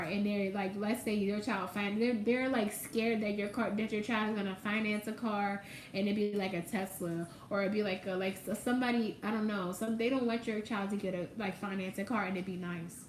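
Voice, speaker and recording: A woman's voice: mid-range voice, fairly even intonation, normal speed, roomy sound, slight background noise, rough recording. A woman doing a casual tarot reading, talking straight to the viewer with emphasis and casual swearing. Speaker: tarot reader.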